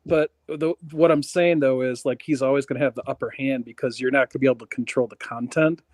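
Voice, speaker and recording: A man's voice: mid-range voice, fairly even intonation, fast, no room sound, clean studio sound. A man in casual livestream chat, questioning and reasoning things through.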